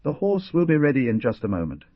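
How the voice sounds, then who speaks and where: A shy, gentle young woman, voiced by a male narrator in an audiobook. She speaks softly and hesitantly in a husky voice. The sound is dry and muffled. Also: mid-range voice, very animated, fast talker, no echo, voice pushed up. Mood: timid.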